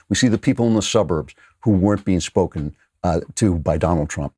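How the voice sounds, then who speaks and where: A man's voice: low voice, lively intonation, a little fast, a little mellow, breathy edge, dry recording, clean studio sound. A man in his sixties hosting a political commentary show, mocking his targets with frequent laughs and emphatic repetition. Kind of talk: opinionated commentary monologue.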